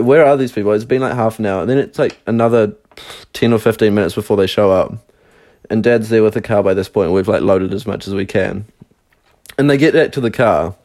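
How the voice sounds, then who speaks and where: A man's voice: on the low side, a little mellow. A young man casually telling a rambling personal story, full of fillers and swearing. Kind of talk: casual chat.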